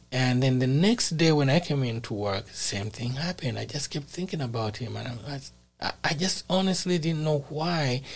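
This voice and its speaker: Male preacher, mid-pitched, earnest testimony delivery with emphatic builds. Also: husky. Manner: earnest storytelling, rising to emphatic peaks. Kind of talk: sermon testimony.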